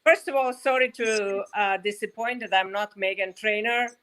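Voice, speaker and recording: A woman fashion designer, a guest in a casual interview, talking in a relaxed way with many fillers, heard through a video call. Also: medium pitch, moderate pace, background noise. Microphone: video call mic.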